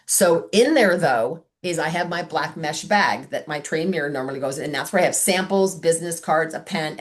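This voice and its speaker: Chatty low-voiced woman coaching sales. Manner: chatty, acts out customer dialogues. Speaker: sales team trainer. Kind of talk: casual training talk on a video call.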